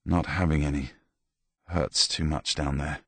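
A man voicing a gravely ill soldier who speaks tersely and weakly. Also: extremely low pitch, fairly even intonation, unhurried, no room sound, voice pushed down, full character voice. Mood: pained. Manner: weak, terse. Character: gravely ill male soldier, weary and blunt.

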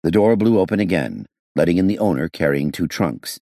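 A man reading a novel aloud as a steady, lively narrator. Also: low voice, a little fast, no room sound, studio quality. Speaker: audiobook narrator. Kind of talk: scripted narration.

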